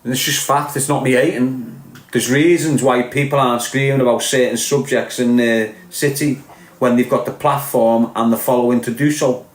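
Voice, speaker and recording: A man's voice: medium pitch, steady tone, moderate pace, roomy sound. A man with a Liverpool accent delivering a blunt, sweary, impassioned podcast rant. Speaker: podcast host. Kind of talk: ranting podcast monologue.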